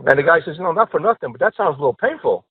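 Husky comedian on a tinny line. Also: male voice, on the high side, rapid-fire, dry recording. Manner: animated storyteller acting out joke characters. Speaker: stand-up comedian guest. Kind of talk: casual podcast joke-telling.

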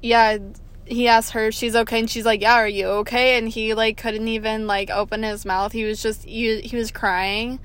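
A woman chatting casually about a film, chatty and animated, full of fillers. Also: fairly high pitch, moderate pace, clear, resonant tone. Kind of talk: casual movie review chat.

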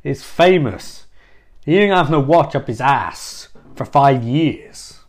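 A man putting on a deliberately poor impression of a famous male film actor, talking slowly and deadpan with odd pauses. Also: mid-range voice. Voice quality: self-admittedly poor impression. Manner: slow, halting delivery with odd pauses.

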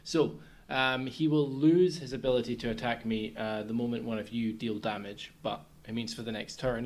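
Man at a tabletop game, mid pitch, joking, explains moves with ums. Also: fairly even intonation, normal speed, hardly any pauses, darkish tone. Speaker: player. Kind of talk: casual tabletop game play.

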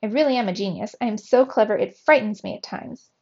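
A woman's voice: fairly high pitch, fast talker, a little mellow. A woman voicing a boastful, cheeky grown male mouse who talks in a smug, teasing way, on a dull lo-fi recording.

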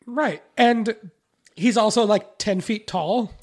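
A woman's voice: medium pitch, slow, a little mellow. A young woman co-hosting a casual movie-recap chat, rambling and swearing freely as she talks.

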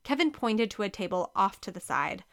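A woman reading a children's novel aloud as narrator, expressive and clear. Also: mid-range voice, normal speed. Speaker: audiobook reader.

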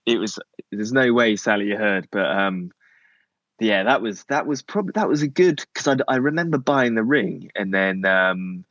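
A man's voice: lowish voice, lively intonation, fairly bright tone, no room sound, lo-fi sound. A man in his thirties from Cornwall with a Cornish English accent, chatting casually as a podcast guest, often restarting his sentences and chuckling. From Cornwall, England. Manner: halting, self-interrupting, chuckles often. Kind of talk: casual conversation.

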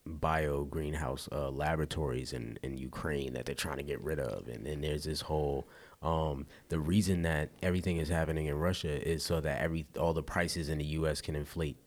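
A man's voice: a bass voice, moderate pace. A man hosting a podcast, talking loosely and animatedly in casual chat, with casual swearing. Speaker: podcast host.

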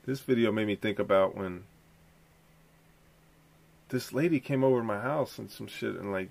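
Man, gravelly voice, casual profane podcast host, rambling reactions, laid-back storytelling. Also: on the low side, normal speed, darkish tone. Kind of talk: casual commentary reacting to clips.

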